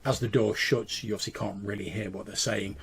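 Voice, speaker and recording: A man's voice: lowish voice, fairly even intonation, brisk, creaky, crowd noise. A man narrating a tabletop role-playing game as game master, describing scenes with small hesitations.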